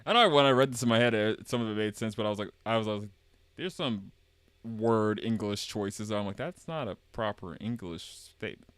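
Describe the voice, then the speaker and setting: Brief: man streamer, lowish voice, wry and halting commentary over game text, dry and close. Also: fairly even intonation, a bit bright, smooth, no echo. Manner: stumbling, self-correcting, wry commentary. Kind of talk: live stream reading game dialogue aloud.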